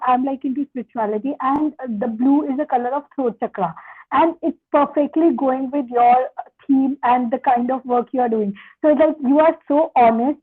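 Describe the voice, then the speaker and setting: A woman with an Indian English accent hosting a podcast, talking fast, peppered with "like" and switching into Hindi. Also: high voice. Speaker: podcast host. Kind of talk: casual interview chat. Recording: tinny phone-like line.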